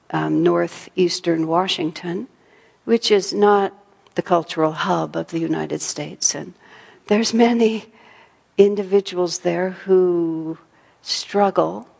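A middle-aged woman giving a gentle, reflective spiritual talk, acting out her own inner dialogue. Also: fairly low pitch, creaky, big-room sound. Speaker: spiritual teacher.

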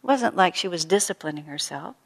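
A woman spiritual teacher giving a gentle storytelling talk to a live audience, full of soft asides. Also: fairly low pitch, lively intonation, brisk, creaky. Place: hall with an audience. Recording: long hall reverb.

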